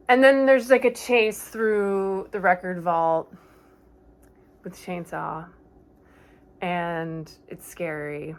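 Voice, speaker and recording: A woman with a somewhat low voice retells a horror film from memory in a loose, conversational way. She wanders off on tangents, catches her own slips and corrects herself mid-sentence, talking like she's chatting with a friend. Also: steady tone, slow pace, long pauses. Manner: rambling, self-correcting, chatty asides. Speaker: horror movie vlogger. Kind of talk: casual movie recap from memory.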